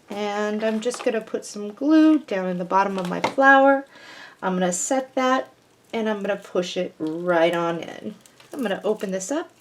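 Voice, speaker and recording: A woman demonstrates a paper craft at an unhurried pace, talking the listener through each small step. Her pitch sits in an ordinary middle range, and her tone stays instructive and patient. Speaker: craft tutorial host.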